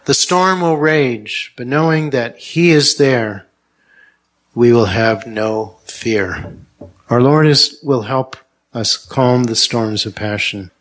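Male preacher, unhurried sermon delivery, gentle and earnest, middle pitch.

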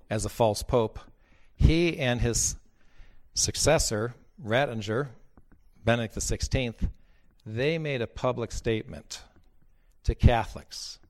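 Man, bishop, preaching talk, emphatic, blunt, repeats key points. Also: lowish voice.

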